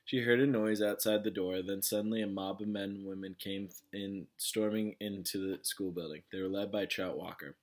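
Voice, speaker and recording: A man's voice: low voice, steady tone, moderate pace, few pauses. A man reading a novel aloud in a casual way, with small slips and restarts. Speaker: reader of a novel.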